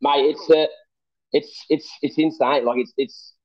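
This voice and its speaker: A man's voice: a little high, steady tone, a little slow. A young Australian man, a podcast guest, telling stories in casual chat, swearing freely and laughing as he goes. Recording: dull lo-fi audio.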